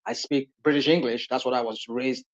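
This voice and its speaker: A man's voice: mid-range voice, steady tone, a little fast. A man from Nigeria speaking on a live online panel, rambling with many fillers and restarts. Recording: dull lo-fi audio.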